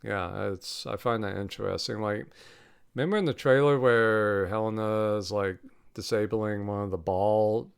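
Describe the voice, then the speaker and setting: Young male host, low clear voice, loose offhand rambling review with casual swearing. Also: steady tone, normal speed. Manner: rambling and offhand, swears freely, chuckles often. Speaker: podcast host reviewing a film.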